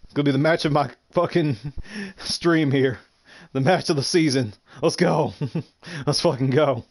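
A man's voice: fairly high pitch, normal speed, dry recording. A young man doing gameplay commentary, swearing and trash-talking the game in frustration. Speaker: gameplay streamer. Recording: game sounds loud behind.

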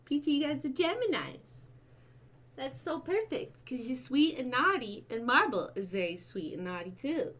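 A woman hosting a casual livestream, chatting with her viewers, swearing and breaking into bursts of excited shouting. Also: high-pitched, moderate pace. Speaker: livestream host.

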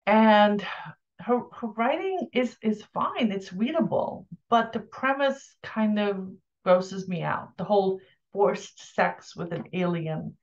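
A woman's voice: mid-range voice, lively intonation, slow pace, lo-fi sound. A woman giving casual, opinionated book reviews, talking candidly with lots of fillers and restarts.

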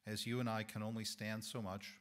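Hoarse man, lay preacher; thoughtful, measured sermon delivery. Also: on the low side, flat delivery, fairly bright tone. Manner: thoughtful, measured, with small self-corrections. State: hoarse, losing his voice. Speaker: lay speaker giving a sermon. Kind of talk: reflective sermon talk. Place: church sanctuary.

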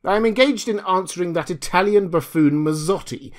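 A man reading an audiobook, voicing a pompous elderly professor who speaks in a booming, scornful, haughty way. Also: brisk, close to an everyday voice.

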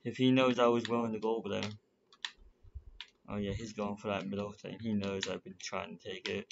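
A man with a lowish, gravelly voice rambles nervously through his game, swearing as he goes. The recording is dull and lo-fi, with loud noise and the clicking of a keyboard behind him. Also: level tone, brisk. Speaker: gamer. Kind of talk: rambling gameplay commentary. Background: keyboard clicks and typing.

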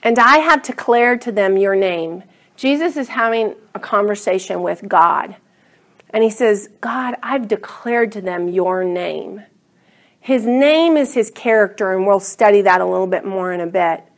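Slow, earnest woman teaching Bible study. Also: medium pitch. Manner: earnest, enthusiastic, often drawn out.

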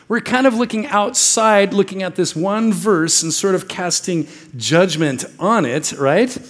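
A man's voice: sits high, a little slow, a bit bright. A young man preaching a casual, joking sermon in a church, acting out little voices as he goes. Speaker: pastor.

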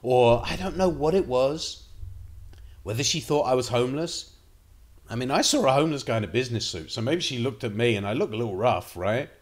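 A man tells stories to his camera with a lively voice that swoops up and down as he goes. He rambles, swears freely and keeps the talk casual, at a middle pitch. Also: brisk. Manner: animated, profane, rambling anecdotes. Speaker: vlogger.

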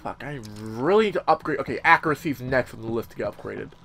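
A young man casually commentating a horror game, rambling with many fillers, swearing, and sometimes yelling. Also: mid-range voice, animated, quick pace, gravelly. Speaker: gameplay commentator. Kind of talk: casual let's-play commentary.

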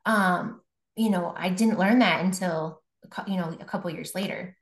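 A young woman shares her faith testimony as a guest, chatty, with fillers and restarts. Her voice sits a little low for a woman. The recording carries a roomy echo. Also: moderate pace. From Buffalo, New York. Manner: conversational, many fillers and restarts.

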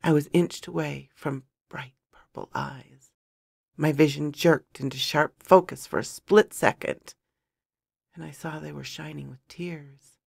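Slow, gravelly woman narrator. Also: sits low, steady tone, no echo, clean studio sound. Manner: measured, dramatic storytelling. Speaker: storyteller. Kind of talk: first-person fantasy narration.

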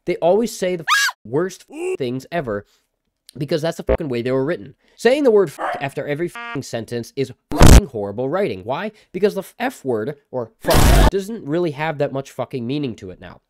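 A man's voice: a little high, sing-song, a little fast, darkish tone. A man reviewing a show in a mock rant, swearing constantly with a sarcastic edge. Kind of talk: profanity-laden mock rant.

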